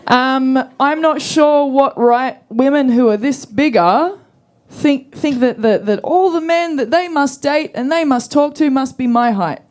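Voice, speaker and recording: Performing stand-up, a young woman with a high-pitched voice delivers her stories at a measured pace. Her style is deadpan and sarcastic, and she acts out the quotes.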